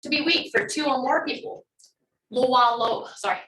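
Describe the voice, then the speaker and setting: A woman's voice: high voice, fairly even intonation, quick pace, bright, forceful tone, roomy sound, recorded from a distance, poor audio. A woman teaching a language class online, upbeat and encouraging as she models words for students to repeat.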